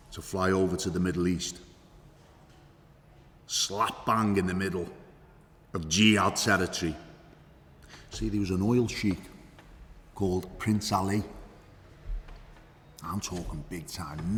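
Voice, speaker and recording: An actor playing a boastful, crude hitman who tells his story with swagger, profanity and drawn-out emphasis, in an acting class monologue. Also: sits low, fairly bright tone, big-room sound, a little hiss or hum. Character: boastful crude male hitman telling war stories.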